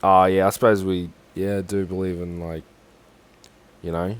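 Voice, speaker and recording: A man's voice: deep voice, level tone, moderate pace. A young Australian man with an Australian accent, rambling sarcastically and swearing as he talks through a form on a casual livestream.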